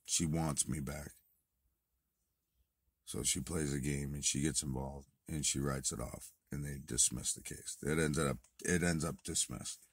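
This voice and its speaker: Deep husky man telling a wild story. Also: unhurried, no echo. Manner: profane, animated retelling, swings from muttered to shouted. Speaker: vlogger. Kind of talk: casual storytelling monologue.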